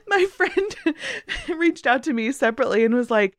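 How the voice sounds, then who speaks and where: A woman's voice: high voice, normal speed, no echo. A young woman chatting on a podcast, breaking into laughter again and again as she tells her stories. Her voice swoops up and down with plenty of life. The sound is dry and close, with no room around it. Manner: laughs often, animated storytelling. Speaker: podcast co-host. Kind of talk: casual chat.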